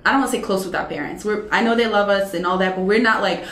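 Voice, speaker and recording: A woman in her thirties, a radio personality, chatting as an interview guest and telling stories with lively acted-out dialogue. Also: mid-range voice, very fast, slight background noise. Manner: animated storyteller who acts out quoted dialogue. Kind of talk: casual interview conversation. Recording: roomy echo.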